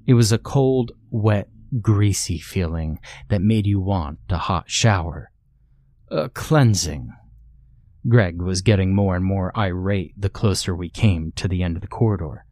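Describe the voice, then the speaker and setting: Low-voiced man narrating a horror story. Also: no room sound, studio quality. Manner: measured, steady storytelling.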